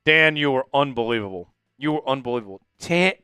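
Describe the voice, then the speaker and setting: A man's voice: mid-range voice, lively intonation, brisk, bright, forceful tone, clear, resonant tone, no room sound, soft background music. A man hosting a live sports fan stream while drinking, swinging from hype chants to emotional thanks. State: drinking, tipsy. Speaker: sports livestream host.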